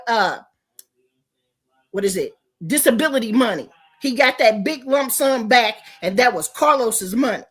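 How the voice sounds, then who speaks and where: A woman's voice: fairly high pitch, fairly bright tone. An older woman streamer in a profane, confrontational livestream rant.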